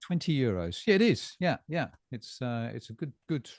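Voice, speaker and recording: A middle-aged man co-hosting a casual bookstore chat, talking in halting bursts with lots of fillers and repeated words. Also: medium pitch, very animated, a little mellow. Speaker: bookstore staff co-host.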